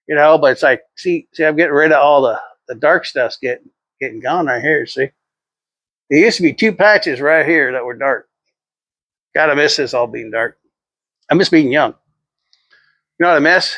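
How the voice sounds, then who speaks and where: A man's voice: fairly high pitch, normal speed, long pauses, a bit bright, no room sound. A middle-aged man rambling through a casual vlog monologue, swearing freely and chuckling often. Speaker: vlogger.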